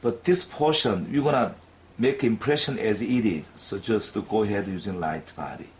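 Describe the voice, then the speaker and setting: A man giving a clinical demonstration lesson, talking in a halting way with frequent fillers and restarts. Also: on the low side, a little hiss or hum. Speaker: dental instructor.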